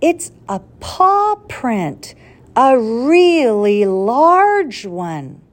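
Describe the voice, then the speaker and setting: A woman's voice: on the high side, very animated, extremely slow, full character voice. A woman reading aloud and voicing a curious young boy explorer, in an urgent, wide-eyed storybook manner.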